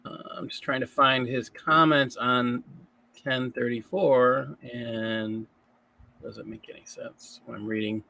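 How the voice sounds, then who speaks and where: A man co-hosting a casual chat, reading commentary aloud, incredulous and quick to laugh. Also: mid-range voice, steady tone, creaky, sharp tone.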